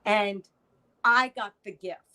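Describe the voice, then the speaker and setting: A middle-aged woman, a podcast guest, telling a personal story in an animated way and acting out the voices of the people in it. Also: medium pitch, takes it slowly, poor audio. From United States. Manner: animated storyteller, acts out quoted lines. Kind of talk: storytelling interview chat.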